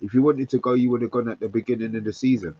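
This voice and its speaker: Husky, ranting man on a call. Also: mid-range voice, fairly even intonation, racing. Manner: blunt, swearing, ranting. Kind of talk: casual live stream chat. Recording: dull lo-fi remote call audio.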